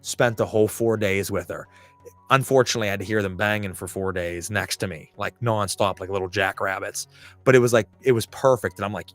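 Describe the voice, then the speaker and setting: Profane, animated male storyteller. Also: on the low side, a little fast, no echo, faint music behind. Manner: profane, animated storyteller who acts out quotes in raised voices. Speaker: podcast host. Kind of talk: casual storytelling.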